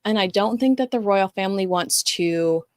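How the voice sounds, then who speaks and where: A woman's voice: medium pitch, moderate pace, darkish tone, clean tone, no echo, studio quality. A woman hosting a casual livestream, chatting and reading viewer comments in a rambling, talkative way. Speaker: show host reading live chat.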